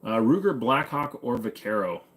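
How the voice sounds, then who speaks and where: A man's voice: mid-range voice, expressive, moderate pace, fairly bright tone, a little hiss or hum. An American man hosting a casual live stream, reading viewer comments and answering in a laid-back, joking way with plenty of "uh" fillers. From United States. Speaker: host.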